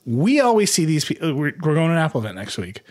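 Casting: male podcast host, slightly high voice, quick, laughing, full of restarts. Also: wildly swooping pitch, a little mellow. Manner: fast, laughing, thinks aloud with many restarts. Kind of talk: casual tech news chat.

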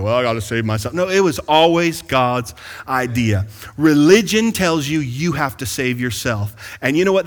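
A man preaching a sermon as pastor to his congregation, calling out to them and building to excited bursts. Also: a little high. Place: large church sanctuary. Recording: long hall reverb.

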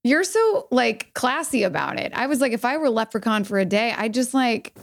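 A woman's voice: on the high side, big pitch swings, normal speed, creaky. A woman co-hosting a podcast, bubbly and enthusiastic, gushing in a casual chat. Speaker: podcast co-host.

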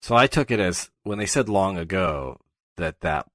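A man co-hosting a podcast in casual chat, animated and playful in his back-and-forth. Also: deep voice, normal speed, dry recording, studio quality. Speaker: podcast co-host.

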